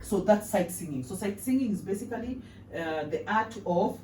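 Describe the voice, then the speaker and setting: A woman's voice: mid-range voice, lively intonation, normal speed, warm tone, slight background noise. A woman from Kenya, a vocal coach giving a voice lesson, explaining patiently and singing solfege examples. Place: indoor room. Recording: echoey room from far off.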